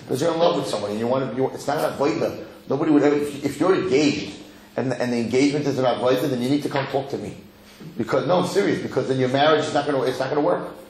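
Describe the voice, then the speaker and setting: Animated rabbi in an echoey hall. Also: male voice, medium pitch. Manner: animated, acts out quotes, repeats words. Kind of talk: Torah lecture. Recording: echoey hall with faint noise.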